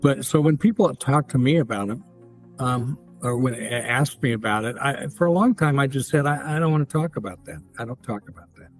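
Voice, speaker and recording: A man's voice: medium pitch, a little fast, faint music behind. A man in his seventies, a guest actor in a casual interview, rambling through stories with many restarts and fillers. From United States. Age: 70s.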